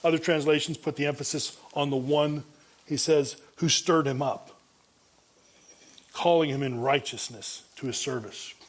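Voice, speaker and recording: A man's voice: fairly high pitch, measured pace. A male pastor preaching an expository sermon, reading and comparing Bible translations, often restarting his phrases. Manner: frequent restarts and repeated words.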